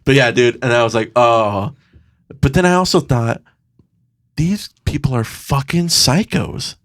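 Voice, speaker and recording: A man's voice: mid-range voice, measured pace, fairly bright tone. A man co-hosting a podcast, telling a story in casual chat, swearing a lot and acting out the voices of the people in it. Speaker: podcast co-host.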